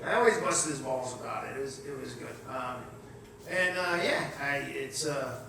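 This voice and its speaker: A man in his 50s from Long Island, New York, does profane, no-nonsense stand-up packed with asides, his mid-range voice expressive with vocal fry at normal speed. It's captured far off in an echoey comedy club or event room, with a live crowd audible.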